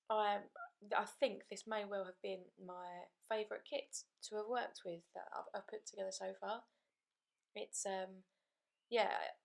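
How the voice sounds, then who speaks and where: A woman narrates a card-making tutorial over her footage, chatty and explaining each step as she works. Her voice sits in a middle range with a lot of vocal fry in it. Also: medium pitch. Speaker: card-making channel host.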